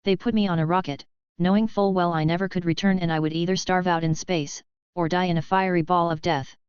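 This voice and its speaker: A woman's voice: lowish voice, fairly even intonation, brisk, a little mellow, smooth, no echo, close to an everyday voice. A woman reading as an eager talking space dog. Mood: somber. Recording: dull, lo-fi dry recording.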